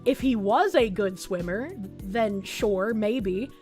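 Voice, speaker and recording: A woman's voice: mid-range voice, slow pace, a little mellow, faint music behind. A young adult woman streaming, chatting loosely through casual reaction commentary, swearing freely and reading chat messages aloud.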